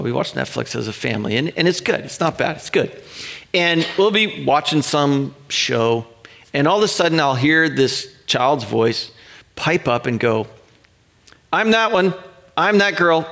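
A middle-aged man pastor preaching a sermon, earnest and emphatic, stretching out pauses to land his points. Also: mid-range voice, gravelly, fairly bright tone.

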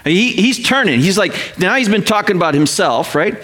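A man preaching a sermon, slowing down to read scripture and speeding up in quick explanatory asides. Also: sits high. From North America. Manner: animated, quotes scripture slowly, paraphrases in quick asides. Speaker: pastor.

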